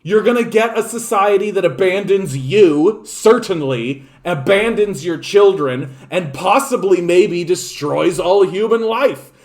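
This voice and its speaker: A man's voice: high-pitched, lively intonation, measured pace, hardly any pauses. A man giving an angry, profane and sarcastic political rant, repeating himself for emphasis. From Canada. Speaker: political commentator. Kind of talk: ranting political monologue.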